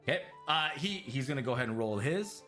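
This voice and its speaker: A man running a tabletop game as game master, animated and laughing, with faint music behind. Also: mid-range voice. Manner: animated, laughing, quick restarts.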